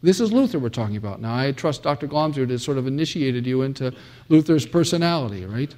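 A man's voice: medium pitch, lively intonation, quick pace, darkish tone. A middle-aged man from the United States giving a classroom theology lecture, emphatic, with many fillers and restarts and dramatic quoting.

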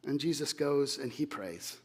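A man preaching a sermon, dropping from loud emphasis to hushed tones. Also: medium pitch, lively intonation, a little slow, slightly rough. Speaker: pastor.

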